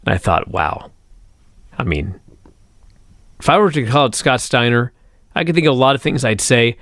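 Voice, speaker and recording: A man co-hosting a casual podcast tells animated, profanity-heavy stories and acts out quotes. His voice is medium in pitch at a moderate pace, recorded with clean studio sound and no echo.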